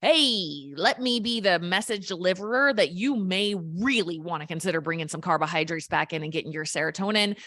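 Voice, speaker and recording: Lively woman explaining, low voice. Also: fairly quick, hardly any pauses, no room sound. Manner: energetic, animated, explains simply. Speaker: health coach guest. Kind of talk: casual explanatory chat.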